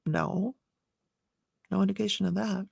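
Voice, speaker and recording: A woman talks through a trial recap in a casual, chatty way, reading quoted lines and adding her own asides. Her voice carries a heavy gravelly fry. The sound is close and dry, with no room around it. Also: medium pitch, steady tone, measured pace, a little mellow, dry recording. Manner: chatty, reads testimony in plain voice with asides. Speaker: true crime channel host.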